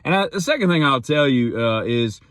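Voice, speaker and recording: A man's voice: mid-range voice, animated, normal speed, no echo. Middle-aged man, mid-range voice, dry room sound, wry rambling storyteller. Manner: rambling, wry, jumps to loud mock-outraged quotes. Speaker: daily vlogger. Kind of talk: casual storytelling monologue.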